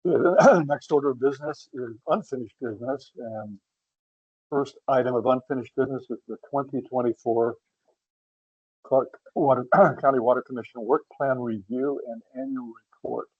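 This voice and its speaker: A man with a husky voice speaks haltingly at a public meeting, stopping to clear his throat. The sound is thin and phone-like, close and dry. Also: medium pitch, no echo.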